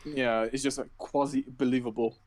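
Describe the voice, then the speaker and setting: A man co-hosting a casual podcast, his voice sitting at an ordinary middle pitch. He rambles through his points with plenty of swearing, fillers and false starts. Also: steady tone, normal speed, darkish tone, poor audio. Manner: rambling, profane, lots of fillers and restarts. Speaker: podcast co-host. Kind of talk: casual chat.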